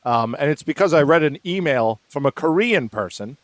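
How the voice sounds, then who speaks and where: A man co-hosting a podcast in casual chat, wry and sarcastic with a deadpan edge. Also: on the high side, normal speed, no echo. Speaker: podcast co-host.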